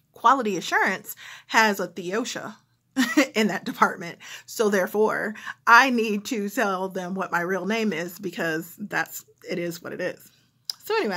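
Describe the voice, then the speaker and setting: A woman vlogger with a General American accent, talking casually and reflectively to her viewers, pausing with frequent ums. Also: medium pitch, bright, forceful tone, husky. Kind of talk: casual talk to camera.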